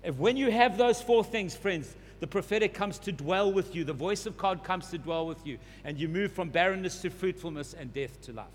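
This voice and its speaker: A man's voice: high voice, expressive, normal speed, few pauses. A man preaching a sermon, repeating phrases and building to urgent emphasis. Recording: long hall reverb, faint hum.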